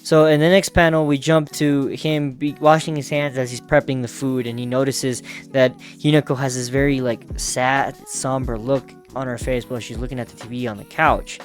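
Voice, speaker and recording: A man's voice: mid-range voice, level tone, normal speed, few pauses, faint music behind. Chatty man recapping a manga. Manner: chatty, chuckling, self-correcting. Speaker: manga reviewer. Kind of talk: casual manga recap narration.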